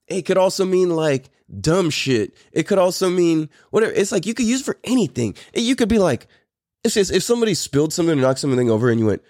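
A man's voice: high-pitched, very animated, brisk, a little mellow, no echo, studio quality. A man in his thirties from California, a podcast host telling a story in a loose, profane, rambling way with frequent laughs. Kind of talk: casual storytelling.

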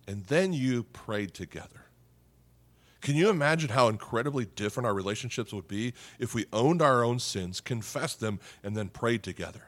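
Preaching as a pastor, a middle-aged man speaks in an animated mid-range voice at a moderate pace, keeping it conversational. He frequently adds "okay?" or "right?" to his points and goes soft and quiet when things get serious.

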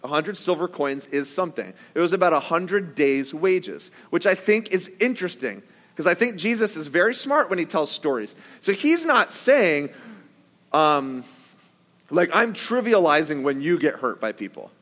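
A male pastor with a high-pitched voice gives a relaxed, joking sermon, acting out quotes as he goes. His voice rings with the long reverb of a church hall. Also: normal speed. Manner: conversational, joking asides, acts out quotes. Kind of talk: casual sermon.

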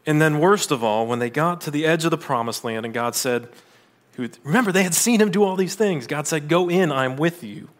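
A man delivering a sermon in a fairly high voice. He explains scripture in a conversational way, breaking off into asides and restarting his sentences as he goes. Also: expressive, a little fast. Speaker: pastor.

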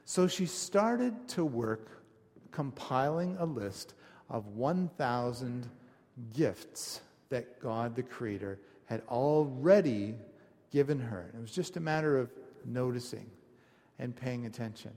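Pastor preaching in a reverberant church hall. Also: male voice, medium pitch, slow. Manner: conversational, animated storytelling with asides. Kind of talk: sermon.

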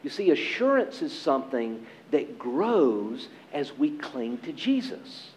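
A man preaching a sermon as pastor, earnest and emphatic, with dramatic pauses. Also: medium pitch, big pitch swings, darkish tone, poor audio.

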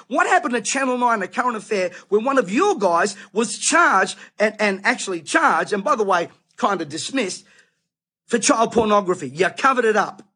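A man's voice: very high voice, sharp tone, slightly rough. A middle-aged Australian man, a preacher, ranting indignantly in an impassioned monologue.

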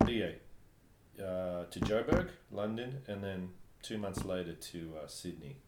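A man from New Zealand telling travel stories in casual chat, animated and laughing often. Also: deep voice, unhurried. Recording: echoey room, faint background noise.

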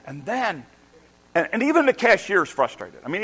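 A middle-aged man preaching a sermon as a pastor, telling a story with animated, self-deprecating humor and excited restarts. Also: on the high side, a little fast, slightly rough, low-quality recording. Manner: restarts and repeats words when excited.

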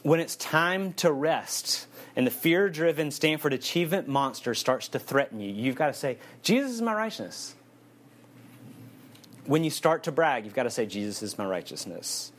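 A man's voice: fairly high pitch, lively intonation, normal speed. A man preaching a conversational sermon. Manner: conversational and humorous, repeating a refrain.

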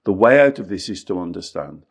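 A man's voice: deep voice, expressive, brisk, slightly rough. A middle-aged man, a life coach, explaining his method in an earnest, repetitive podcast talk.

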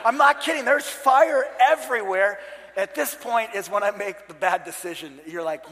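A pastor in his thirties tells a comic story from the stage as a storytelling sermon, animated and self-mocking, acting out quotes and shouting at the high points. His fairly high voice moves at normal speed, and a long reverb from the large hall trails every phrase.

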